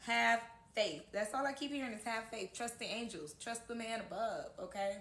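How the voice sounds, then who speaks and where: A woman's voice: a little high, normal speed, fairly bright tone. A woman giving a casual tarot horoscope reading, earnest and encouraging, often checking in with "okay?", recorded in an echoey room at home. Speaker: tarot reader.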